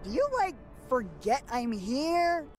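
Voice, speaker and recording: Female actor: deadpan snarky male swordsman in a parody cartoon, high, music underneath. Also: slow, full character voice. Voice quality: sarcastic, deadpan. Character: sarcastic young male swordsman, dry and snarky. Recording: reverberant with background music.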